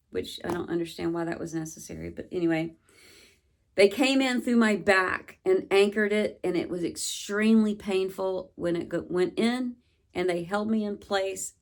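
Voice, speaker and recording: A woman vlogger recounting a personal experience in an earnest, searching way, with slow phrasing and many pauses. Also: on the low side.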